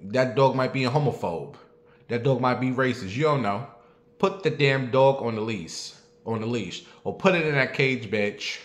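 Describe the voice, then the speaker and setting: A man's voice: medium pitch, normal speed. A man telling a story in a casual, sassy and profane rant, imitating barking dogs as he goes. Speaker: online commentator. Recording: roomy echo.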